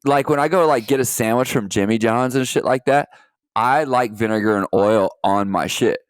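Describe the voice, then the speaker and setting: A man's voice: medium pitch, moderate pace, no room sound. A man co-hosting a crude comedy podcast, blunt and profane, with what he calls a stern voice and frequent laughter. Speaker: podcast co-host. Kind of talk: crude casual chat.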